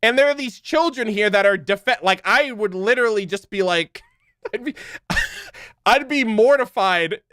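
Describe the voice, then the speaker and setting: A young male streamer rambles in a loose, joking way, laughing often and swearing casually. His voice sits fairly high and sounds clear and smooth. The sound is dry and close to the mic. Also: expressive, measured pace, sharp tone, dry recording. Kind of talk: casual livestream chat.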